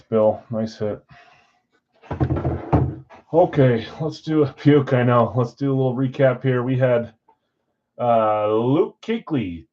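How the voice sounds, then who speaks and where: A man's voice: medium pitch, warm tone, lo-fi sound. A man hosting a live card break from a card shop, chatting casually while rattling off names and teams.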